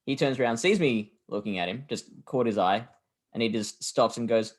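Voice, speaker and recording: A man, a podcast guest in casual chat, telling stories in a laid-back, self-deprecating way with halting restarts. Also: medium pitch.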